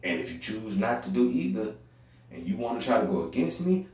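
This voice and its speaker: A man's voice: fairly low pitch, expressive, brisk. Heated young man in an echoey room. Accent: African American Vernacular English. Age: young adult. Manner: heated, preachy, repeats phrases, swings loud and quiet. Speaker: podcast host. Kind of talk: impassioned monologue. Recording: very echoey room, voice far from mic.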